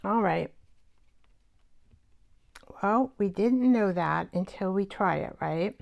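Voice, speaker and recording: A woman hosts a live crafting stream at an unhurried pace, rambling and thinking aloud as she works. Her voice has a gravelly fry at mid pitch. She drops into soft, half-whispered asides now and then. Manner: chatty, rambling, talks to herself while working. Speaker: host of a live art show.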